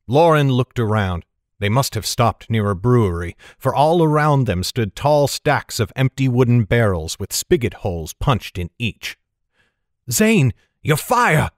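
Male audiobook narrator, mid-range voice, steady and measured, dry close recording. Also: medium pitch, no echo. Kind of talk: scripted fantasy narration.

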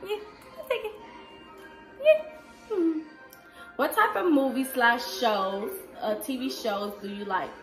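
Seorang wanita berusia dua puluhan menjawab pertanyaan penonton dengan santai di rumah, sering memakai "like" dan "um". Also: female voice, a little high, big pitch swings, a little slow, soft background music. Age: 20s. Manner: chatty, fills with "like" and "um". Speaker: vlogger. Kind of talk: casual Q&A vlog. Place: indoors at home.

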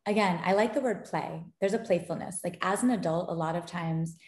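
A woman's voice: fairly low pitch, a little fast. A woman who founded a gaming company, a guest chatting casually in an interview and telling stories with animation and frequent laughter. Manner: animated storyteller, laughs often. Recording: roomy echo.

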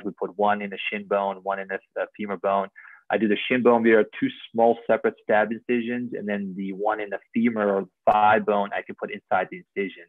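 A man's voice: fairly low pitch, no room sound. Casting note: a man as a surgeon walking through slides, earnest and precise, heard over a dry, tinny call line. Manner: earnest, technical, repeats numbers and words. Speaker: orthopedic surgeon. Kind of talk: explaining surgery over slides in a live stream.

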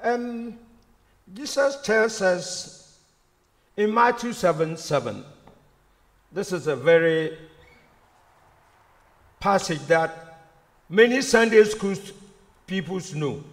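Here a man preaches slowly and repetitively, his high voice very animated as he poses rhetorical questions. Long church-hall reverb surrounds the sound.

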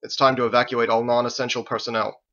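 A man's voice: mid-range voice, little pitch movement, fast talker, pushed and bright. A man voicing a stern military commander who gives firm, clipped orders, in a dull lo-fi recording. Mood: commanding.

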